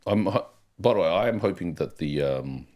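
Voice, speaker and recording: A man's voice: low voice, lively intonation, moderate pace, a little mellow. A man co-hosting a music livestream, reading out the chat in a rambling, casual way with lots of fillers. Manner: chatty, rambling, with many fillers. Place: home during a music livestream.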